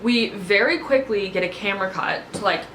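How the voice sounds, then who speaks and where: A woman's voice: mid-range voice, moderate pace, a bit bright, slight background noise. A woman giving a casual, opinionated recap of a reality show, blunt and sarcastic, swearing freely. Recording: echoey room.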